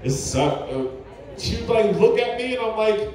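A man's voice: sits high, sing-song, moderate pace, a little mellow. A man performing a crude, rambling stand-up comedy set on a club stage, with audience laughter behind him. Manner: crude, rambling, filler-heavy. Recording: echoey room, mic from far.

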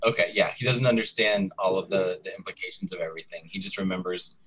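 Chatty low-voiced male co-host. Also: fast talker, fairly bright tone, breathy edge, rough recording. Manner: chatty, thinks aloud as he talks. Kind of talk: casual chat recapping a soap opera.

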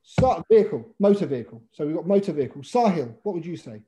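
A man with an English accent, a pitch coach teaching a webinar over a video call in a playful way, calling on participants by name. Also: sing-song, quick pace, mellow. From England.

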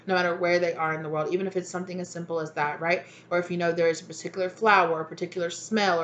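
A lower-pitched woman talks through a tarot reading as casual spiritual advice. She rambles in a chatty way and keeps checking in with "right?" The sound is dull and lo-fi, with a faint hiss underneath. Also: fairly bright tone. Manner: rambling, chatty, peppered with "you know" and "right?". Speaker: tarot reader. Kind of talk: casual spiritual guidance talk.

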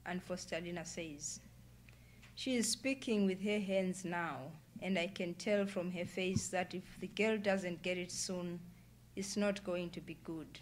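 A woman author reads from her own novel at an indoor public event. She sets each phrase down in a measured, deliberate way, her voice low in pitch. A faint room ambience sits behind her. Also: fairly even intonation, slight background noise. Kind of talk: literary reading.

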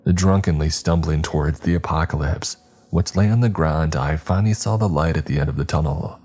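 A man narrating a horror story in a measured, dramatic storytelling manner. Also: a bass voice, a little mellow, slightly rough.

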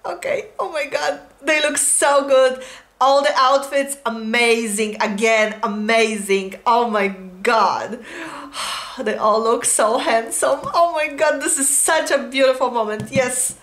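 A woman's voice: high voice, measured pace, fairly bright tone. A young woman hosting a fan reaction video, gushing and exclaiming with frequent laughter. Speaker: reaction channel host. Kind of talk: excited fan reaction commentary. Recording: echoey room with faint music.

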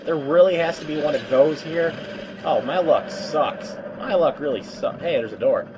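A man's voice: a little high, moderate pace, background noise. A man giving let's play commentary, swearing and complaining with jumpy outbursts. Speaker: gamer.

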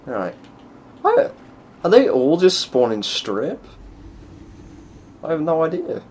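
A man's voice: a little high, huge pitch swings, takes it slowly, a little mellow, a little hiss or hum. A young man giving gameplay commentary, muttering to himself and swearing at the game. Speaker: gaming YouTuber.

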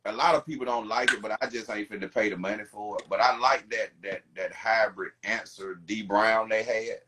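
A man's voice: fairly low pitch, fairly quick, sharp tone, slight background noise, rough recording. A man on a podcast video call, talking in a laid-back, blunt way with slang and cursing. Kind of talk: casual chat.

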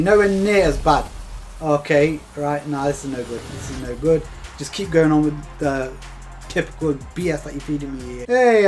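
A man's voice: high voice, a little hiss or hum. A young man giving casual commentary while opening game packs, chatty and exasperated, laughing through his disappointment. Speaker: gaming video host.

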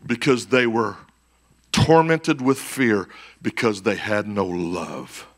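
A man preaching a conference sermon as pastor, swinging between shouted peaks and hushed, quiet passages. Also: on the low side, slow pace. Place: church conference stage.

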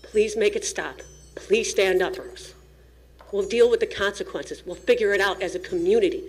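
A woman speaks into a podium microphone at a school district meeting, giving a pleading, emotional public comment. Her mid-range voice moves at a moderate pace, and she sounds nervous and shaky.

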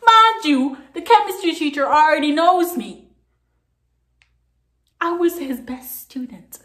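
Lively young woman in an echoey room. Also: high voice, takes it slowly. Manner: animated, laughing, swings between quiet asides and loud outbursts. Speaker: vlogger. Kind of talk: casual storytelling to camera.

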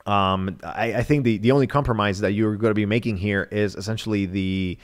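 A man's voice: fairly low pitch, fairly even intonation, fairly quick. A man from Nicaragua hosting a live-stream phone review, talking casually with many fillers and restarts. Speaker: livestream host reviewing a phone.

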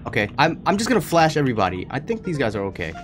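Excitable, panicky young gaming streamer. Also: male voice, mid-range voice, very fast. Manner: excitable, panicky running chatter to viewers. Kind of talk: horror game let's play commentary.

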